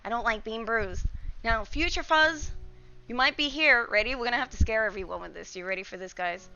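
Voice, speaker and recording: A woman's voice: a little high, fairly quick, pushed and bright, highs cut off, soft background music. A young woman chatting to her stream viewers from her home kitchen, scatterbrained and a little out of breath. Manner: scatterbrained and chatty, talking to chat. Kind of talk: casual live-stream chat.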